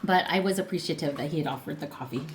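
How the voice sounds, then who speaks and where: A middle-aged woman hosts a crafting vlog from home, chatting casually while she crafts and rambling into stories full of fillers and light laughs. Her voice sits low and she talks fast, with slight background noise.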